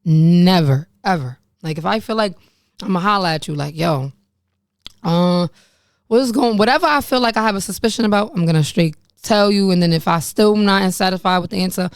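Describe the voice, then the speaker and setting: Speaking at a quick clip in a smooth, mid-range voice, a woman in her late twenties, who is pregnant, recounts her life directly to the camera. It's a frank storytime monologue, conversational and profane, full of self-mocking laughter. The audio is studio quality with no echo.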